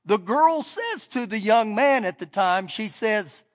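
A middle-aged pastor, his voice strikingly high, preaches a sermon a little slowly yet in an animated way. He spins a down-home, folksy story, then builds his points with rising emphasis, and the big church hall gives his voice a long reverb.

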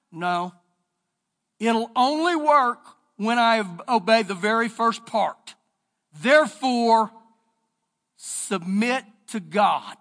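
A man with a Texan accent preaching a sermon as pastor, his voice rising and falling in pitch and loudness. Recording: church sermon with long reverb.

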